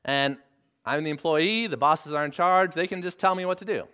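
A man's voice: fairly high pitch, big pitch swings, fairly quick, bright, forceful tone, clean tone. A male pastor preaching a sermon, earnestly putting rhetorical questions to his listeners and repeating phrases for emphasis.

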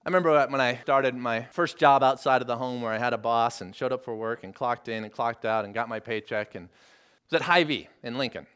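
A man's voice: medium pitch, brisk, fairly bright tone, smooth. A male pastor preaching a sermon, earnestly putting rhetorical questions to his listeners and repeating phrases for emphasis.

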